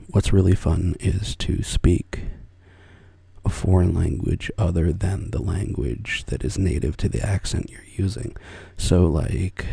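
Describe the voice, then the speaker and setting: A man speaks in a hushed, soft-spoken ASMR chat, rambling thoughtfully. His voice is dark and low, with heavy gravelly fry and a husky, breathy edge. It sits close and dry to the mic. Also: no echo. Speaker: ASMR channel host. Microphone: close mic for headphone listening.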